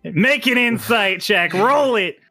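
A man's voice: high-pitched, animated, takes it slowly, pushed and bright, no echo, studio quality, soft background music. A man narrating as game master in a casual tabletop session, laughing often and swearing freely.

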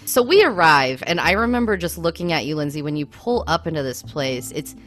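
Low-voiced woman co-hosting a chat. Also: a little fast. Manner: animated, lots of fillers like "I mean". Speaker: podcast co-host. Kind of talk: casual storytelling chat.

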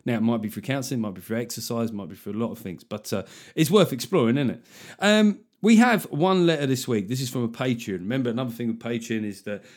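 A man's voice: mid-range voice, fast talker, darkish tone. Middle aged guy hosting a podcast, cracking puns, loose chatty delivery. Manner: jokey, punning, conversational. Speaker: podcast host. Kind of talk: casual comedic chat.

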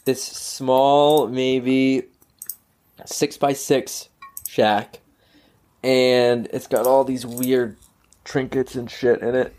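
A man's voice: medium pitch, extremely slow, pauses often. A young man in casual chat, telling a story with energy and acting out the voices of the people in it. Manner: animated storytelling, acts out quoted voices.

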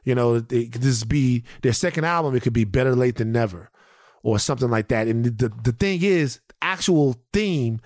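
A man's voice: mid-range voice, lively intonation, moderate pace, a little mellow, dry recording, clean studio sound. A man co-hosting a podcast in casual chat, ranting in mock outrage and mimicking friends. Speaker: podcast co-host.

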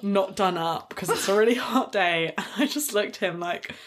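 A woman's voice: mid-range voice, moderate pace, a little hiss or hum. A young woman telling a story in casual chat, laughing often and acting out the voices of the people in it. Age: young adult. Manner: animated, laughs often, acts out quoted voices. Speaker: podcast guest.

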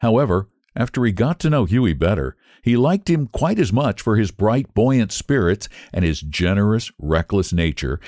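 Low-voiced, expressive male narrator. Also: dry recording, clean studio sound. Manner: measured, expressive storytelling. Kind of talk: audiobook narration.

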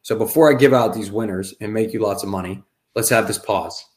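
Man, low-ish voice, sports podcast co-host, confident rapid-fire picks. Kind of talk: casual sports podcast chat.

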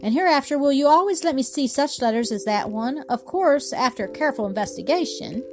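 A courteous gentleman in his sixties speaks with formal, old-fashioned politeness, as a woman reads him. The voice sits fairly high. Soft music plays faintly underneath. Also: animated, a little fast. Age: 60s. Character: kindly older wealthy gentleman, formal and polite.

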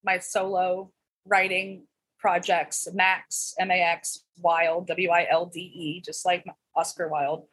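An earnest podcast guest who writes and spells out names carefully, talking casually about their work. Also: female voice, lowish voice, level tone, slow pace, fairly bright tone, slightly rough, low-quality recording. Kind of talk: casual chat.

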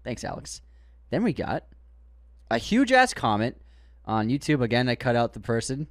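A man's voice: mid-range voice, very animated, moderate pace, no echo, studio quality. A man with a Boston accent co-hosting a podcast in casual chat, reading listener comments aloud with mock outrage. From Boston area. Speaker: podcast co-host.

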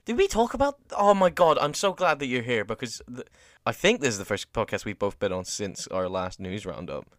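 A man bantering on a podcast, his pitch leaping wildly up and down. He talks loud and crude, with plenty of mocking and swearing, close to the mic in a dry, dead room. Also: sing-song, fairly quick, no room sound. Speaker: podcast co-host.

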